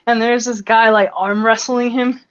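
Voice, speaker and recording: A woman's voice: a little high, steady tone, a little slow, clean tone, muffled recording. A woman chatting casually on a stream, rambling with many fillers and laughter. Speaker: stream participant. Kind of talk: casual chat.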